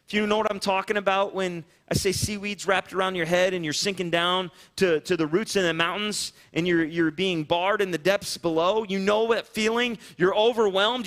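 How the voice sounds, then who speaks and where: Bright high-voiced man pastor preaching. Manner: earnest, repetitive pleading cadence. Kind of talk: sermon. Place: church sanctuary, also streamed online.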